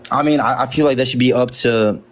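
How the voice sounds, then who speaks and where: Man, call-in guest, mid-pitched voice, hesitant, polite, halting speech. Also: a little hiss or hum. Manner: hesitant, polite, stumbles over words. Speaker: caller guest. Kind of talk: casual live-stream conversation.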